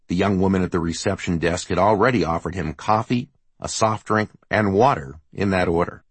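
A man narrating a novel as an audiobook, steady and measured. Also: sits low, slightly rough, no echo. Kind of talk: scripted narration.

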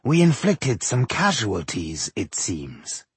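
A man voicing a malicious, cold male elf warrior who speaks slowly, softly and menacingly in an audiobook. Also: medium pitch, huge pitch swings, breathy edge, no echo, exaggerated voice. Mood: coldly mocking. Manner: slow, soft and menacing.

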